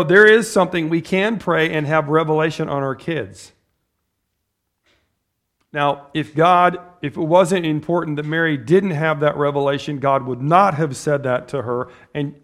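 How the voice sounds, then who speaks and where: A man preaching a conversational sermon, putting questions to his listeners and laughing as he goes. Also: fairly high pitch. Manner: conversational, asks the audience questions and laughs often.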